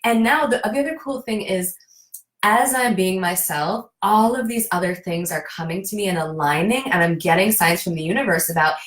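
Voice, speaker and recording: A woman's voice: fairly low pitch, moderate pace, fairly bright tone. Chatty woman guest, gushing, acts out her own thoughts, echoey room. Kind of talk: casual conversation. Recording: roomy echo.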